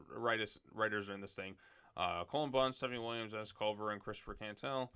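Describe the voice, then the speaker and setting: A man hosting a casual video, reading comic solicitation blurbs aloud and commenting off the cuff in a relaxed way. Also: on the low side, fast, smooth.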